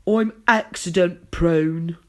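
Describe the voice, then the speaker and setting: A woman doing a slow boastful Humpty Dumpty. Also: mid-range voice, animated. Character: boastful, clumsy male egg.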